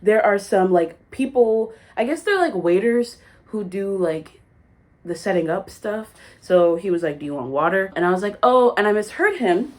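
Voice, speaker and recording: A young woman vlogging to camera, recounting a story with big swings in pitch and lots of drama. Her voice sits in a middle register but leaps up and down as she acts out the moment. She talks casually, peppering her lines with likes and quick asides. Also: expressive. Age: young adult.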